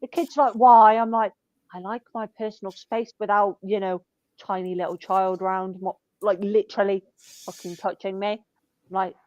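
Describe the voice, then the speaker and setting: A woman, telling shop stories in a blunt, sweary, deadpan way. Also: mid-range voice, moderate pace, dry recording. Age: 20s. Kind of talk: casual chat. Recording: dull lo-fi dry sound.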